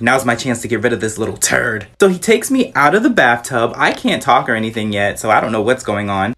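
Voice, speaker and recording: A man's voice: fairly high pitch, fairly bright tone. A man telling a funny childhood storytime, laughing as he goes. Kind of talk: storytime monologue.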